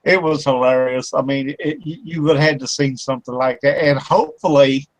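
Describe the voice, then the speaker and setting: A man's voice: medium pitch, steady tone, brisk, no room sound, poor audio. A man hosting an internet radio talk show. He tells a rambling story with lots of fillers and laughter. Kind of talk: casual chat. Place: home studio for internet radio.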